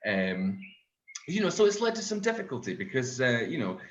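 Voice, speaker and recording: A Scottish man performing a stand-up comedy set, repeating his punchlines and jumping into high voices for the people he quotes. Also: big pitch swings, normal speed, reverberant, highs cut off, noisy background. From Scotland.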